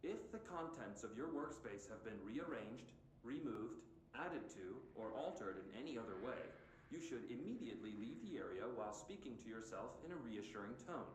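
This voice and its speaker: A man playing a measured official announcer speaking over the building's PA, lively in pitch, with a roomy echo. A faint hiss of noise sits under the calm, bureaucratic delivery. The game voice stays even and orderly. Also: close to an everyday voice. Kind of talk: public address announcement. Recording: echoey PA with background noise.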